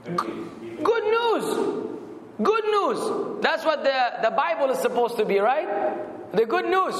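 A man's voice: very high voice, a bit bright, echoey room, in a large hall, slight background noise. A man giving a religious lesson, quizzing and joking with his students and reciting Arabic. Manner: quizzes students and jokes with them. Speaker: Islamic religious teacher.

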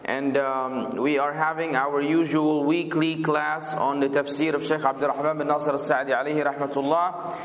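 A man's voice: on the high side, little pitch movement, moderate pace. A man teaching a weekly Quran commentary class, patiently explaining and spelling out words. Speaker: religious teacher. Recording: echoey, reverberant hall.

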